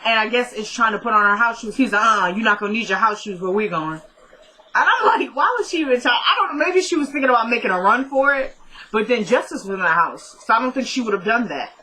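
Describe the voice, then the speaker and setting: A young woman casually recapping a TV episode, telling it as an animated story and often laughing. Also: medium pitch, fast talker, slight background noise, low-quality recording.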